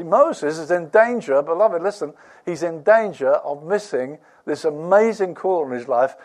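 A man preaching a sermon, lively, laughing at his own stories, swinging from soft asides to loud emphasis. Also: on the high side. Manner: animated, dropping to near-whispers and rising to loud emphasis, laughs while preaching.

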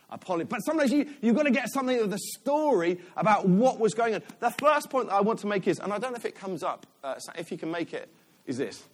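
A middle-aged man delivers a sermon in a lively, talkative way. His voice sits a bit high for a man and swings widely in pitch, and he often stops and restarts mid-thought. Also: brisk. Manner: animated, chatty, self-interrupting with laughs. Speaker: preacher.

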